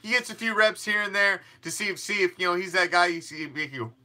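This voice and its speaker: A man's voice: high voice, brisk, bright, forceful tone. A man hosting a fan sports show, talking casually in a rambling, emphatic way with frequent restarts and some swearing. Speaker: fan podcast host.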